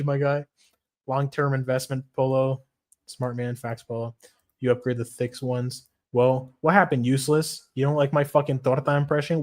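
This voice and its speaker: A man hosting a casual livestream chat, swearing a lot, getting excited and reading chat messages aloud. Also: mid-range voice. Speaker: streamer.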